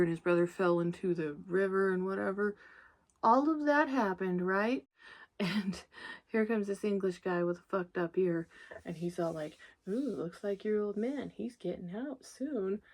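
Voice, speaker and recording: A woman giving a casual, rambling movie recap, swearing freely, laughing often and drifting into asides to herself. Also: medium pitch. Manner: profane, candid, laughs often; digresses and talks to herself. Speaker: movie reviewer.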